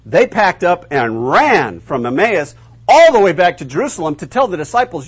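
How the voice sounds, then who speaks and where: A man preaching with a husky, breathy tone and a voice that swings widely up and down. He tells the story dramatically, putting on the voices of its figures and throwing questions out to his listeners. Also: high-pitched, big pitch swings, normal speed. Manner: acts out voices of biblical figures, asks the audience questions. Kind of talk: animated storytelling sermon.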